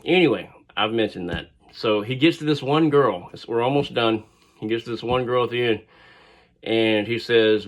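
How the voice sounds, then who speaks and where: A man's voice: medium pitch, lively intonation, moderate pace. Man telling a rambling story. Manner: rambling, digressive, with fillers. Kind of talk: casual spoken storytelling.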